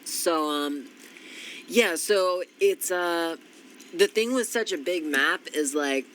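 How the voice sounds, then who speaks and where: Congested, tired man, bright tone, slow ambling gameplay commentary full of ums. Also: a little high, slight background noise, rough recording. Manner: unhurried, thinking aloud with frequent ums. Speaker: strategy game commentator.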